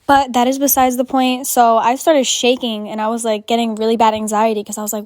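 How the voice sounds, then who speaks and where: A young woman telling a frank storytime at a quick clip, full of fillers and casual swearing. Her voice sits a bit high. The recording is dry and close. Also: little pitch movement, darkish tone, no echo.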